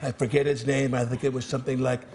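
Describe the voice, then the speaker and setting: An actor playing a brash, boastful president in a sketch comedy impression, with pouty, drawn-out phrasing. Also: male voice, medium pitch, little pitch movement, lightly acted. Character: brash, boastful male president, late middle-aged. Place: TV studio stage with live audience. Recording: noisy broadcast TV audio.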